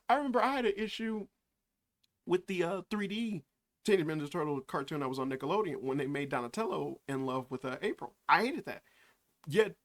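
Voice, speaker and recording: A man doing reaction commentary on a video, mocking, swearing and often breaking into laughter. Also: on the high side. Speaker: YouTube commentator.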